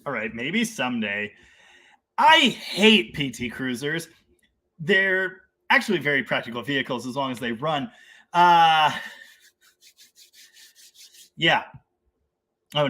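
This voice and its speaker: A man's voice: mid-range voice, bright, forceful tone. A man hosting a casual live stream about cars, reading out viewer comments, laughing often and rambling with enthusiasm. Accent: Canadian.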